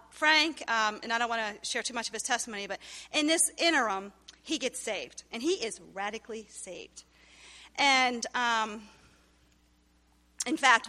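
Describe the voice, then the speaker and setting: A woman's voice: on the high side, bright, forceful tone, big-room sound. A woman telling her personal faith testimony as a story, acting out the dialogue she quotes. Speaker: testimony speaker.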